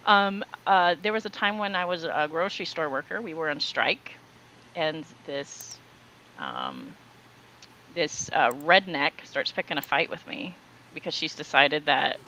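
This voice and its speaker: A woman in casual podcast chat, telling a personal story in an animated way, laughing often and acting out what people said. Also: sits low, unhurried, slight background noise, low-quality recording. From Southern California. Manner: animated, laughs often, acts out quoted voices. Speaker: podcast co-host.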